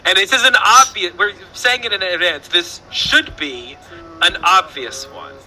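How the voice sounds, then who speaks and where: A man's voice: sits high, measured pace, pushed and bright, slight background noise, rough recording. A man hosting an online trivia quiz over voice chat, playful and rambling, laughing at his own jokes.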